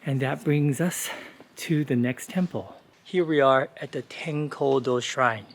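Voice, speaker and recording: Speaking at a slightly slow pace in a medium pitch, this man leads a casual walking tour through city streets. As a travel vlogger and guide, he describes the sights in a relaxed, informative way, often filling gaps with "uh" and "you know."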